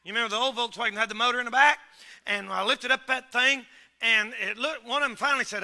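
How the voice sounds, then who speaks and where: High, bright-voiced preacher. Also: male voice, fast talker. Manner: folksy, rambling, bursts into shouts. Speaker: pastor. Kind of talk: storytelling sermon.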